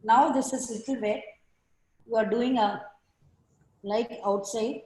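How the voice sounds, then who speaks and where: Woman, art teacher, patient step-by-step, slightly high voice, echoey room on a video call. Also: steady tone, slow pace, darkish tone. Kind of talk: online art class demonstration.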